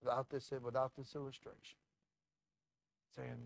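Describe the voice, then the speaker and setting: A man pastor telling a story in a sermon, animated and full of restarts and acted-out quotes. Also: on the high side, moderate pace.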